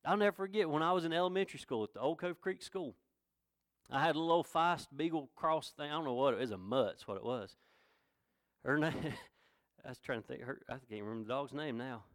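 A middle-aged man preaching a sermon in a folksy, earnest way, building to loud proclamations. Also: fairly high pitch, fairly quick, dry recording, clean studio sound. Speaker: pastor.

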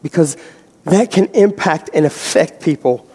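Male pastor, high voice, long hall reverb, animated sermon delivery. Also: measured pace, husky. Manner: animated, swings between loud emphasis and quiet storytelling.

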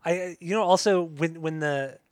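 A man co-hosting a casual music podcast, excitable and swearing a lot, often singing along. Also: fairly high pitch, moderate pace, clean tone, dry recording, studio quality. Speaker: podcast co-host.

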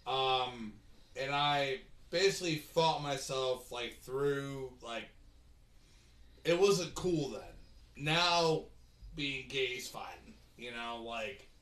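A man's voice: medium pitch, drawn-out words, fairly bright tone, echoey room. A man in his thirties on a podcast, speaking hesitantly and trailing off. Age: 30s. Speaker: podcast guest. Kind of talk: casual podcast chat.

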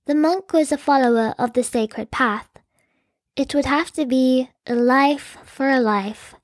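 A woman's voice: high-pitched, a little mellow, no echo, studio quality. A woman telling a historical story in scripted narration with lightly wry asides.

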